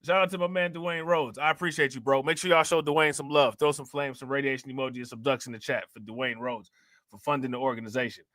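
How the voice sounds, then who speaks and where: Bright-voiced laid-back man hosting a livestream. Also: mid-range voice, steady tone, fast talker, no room sound, clean studio sound. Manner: laid-back slangy talk with frequent laughs. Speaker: crypto channel host. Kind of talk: casual livestream chat reading viewer comments.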